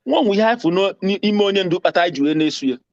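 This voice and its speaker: A man's voice: high voice, expressive, racing, a little mellow, no echo. A male caller, speaking with passion and repeating lines for emphasis. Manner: mixes Igbo and English, repeats lines for emphasis. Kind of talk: impassioned phone call. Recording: dull dry phone call.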